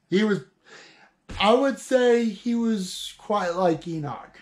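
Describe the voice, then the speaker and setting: A high-voiced man preaching slowly and haltingly over scripture, stopping often to restart his words. He reads the verses aloud and then talks them through in a plain, informal way. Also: expressive, darkish tone. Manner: slow, halting, with many restarts and "see". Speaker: online Bible teacher. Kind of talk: informal Bible reading and preaching.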